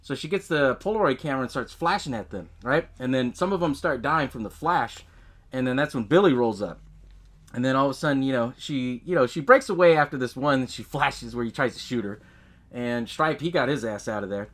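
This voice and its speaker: A man's voice: mid-range voice, animated, fairly quick. Swearing man recapping a movie. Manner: laid-back, swears a lot, laughs often, acts out movie lines. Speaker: podcast host.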